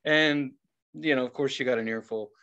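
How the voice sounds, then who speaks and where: A man co-hosting a podcast, telling a story in a casual, profane and animated way and acting out the people in it. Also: medium pitch, normal speed, dull audio. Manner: profane, animated, acts out quoted voices. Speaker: podcast co-host.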